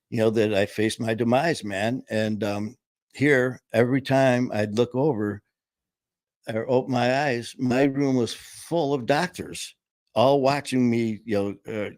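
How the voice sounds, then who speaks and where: A man telling his own story in a conversational, emphatic way, with some rough language. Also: lowish voice, dry recording, clean studio sound. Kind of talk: personal storytelling.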